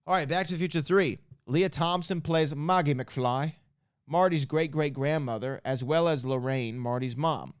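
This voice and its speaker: Smooth-voiced man hosting a chatty podcast. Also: a little high, normal speed, dry recording, clean studio sound. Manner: reads aloud with chatty asides and self-corrections. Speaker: podcast host. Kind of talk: casual podcast reading trivia answers.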